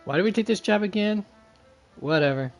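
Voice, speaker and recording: A man's voice: high-pitched, animated, brisk, faint music behind. A young man streaming a game, reading its dialogue aloud, stumbling and restarting mid-line.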